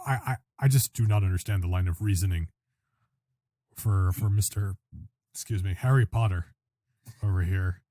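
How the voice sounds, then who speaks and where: Man, low-pitched, warm mellow tone, dry close mic, chatty podcast co-host. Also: normal speed, pauses often, no echo. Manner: chatty, filler-heavy, agreeable. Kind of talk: casual chat.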